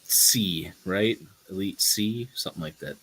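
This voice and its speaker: A man's voice: low-pitched, measured pace, a bit bright, poor audio. A man joining a casual chat, blunt and swearing casually. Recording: faint background noise.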